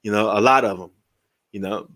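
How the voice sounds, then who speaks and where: A man's voice: on the low side, brisk, fairly bright tone. A man, casually commentating a basketball game live, rambling and joking and laughing often. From New York. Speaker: sports live-stream host.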